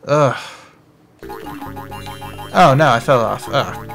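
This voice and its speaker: A young man casually commenting on his own gameplay as a let's play host, chatty and quick to react. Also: mid-range voice, vocal fry. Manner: excitable, chatty, reacts loudly to the game. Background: game music.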